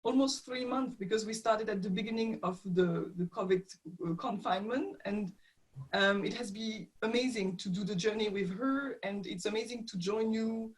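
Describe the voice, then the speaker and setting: A woman with a French accent speaking on a group video call, pausing often to search for words. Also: medium pitch, low-quality recording. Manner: hesitant, searching for words with many fillers. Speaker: session participant.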